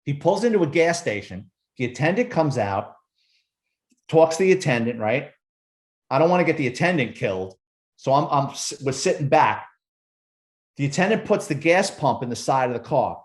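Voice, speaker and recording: A man who is a former police officer, telling animated, profanity-laced stories in casual conversation as a podcast guest. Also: on the high side, moderate pace, reverberant. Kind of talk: casual storytelling.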